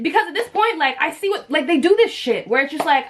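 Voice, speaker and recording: A woman's voice: high voice, lively intonation, quick pace, few pauses, fairly bright tone. A young woman vlogger telling a story in a blunt, heated, profane way while she does her makeup. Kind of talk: storytime vlog.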